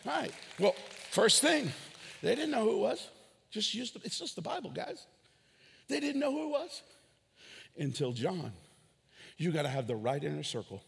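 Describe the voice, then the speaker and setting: Male pastor, high husky voice, swooping sermon delivery, long reverb of a church hall. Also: normal speed, long pauses. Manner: animated preaching with shouted peaks and acted dialogue.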